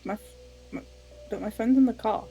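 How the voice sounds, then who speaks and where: A woman playing a tabletop horror game with friends, talking in a playful, quick-fire way with frequent laughter. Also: a little high, vocal fry, narrow, tinny audio, faint music behind. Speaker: player. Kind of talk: casual in-character banter at a game table. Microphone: home streaming mic.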